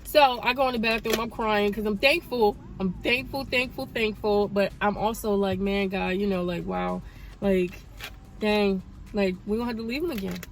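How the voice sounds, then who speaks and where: A woman in her thirties chatting casually in a vlog, telling a story with animated and grateful talk. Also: medium pitch, moderate pace. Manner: animated storytelling, praises God. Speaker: vlogger. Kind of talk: casual chat.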